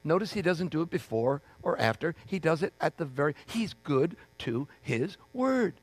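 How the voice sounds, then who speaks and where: A man's voice: a little high, animated, normal speed, no room sound. A man preaching a sermon as pastor, in a conversational way, acting out the voices of people he quotes.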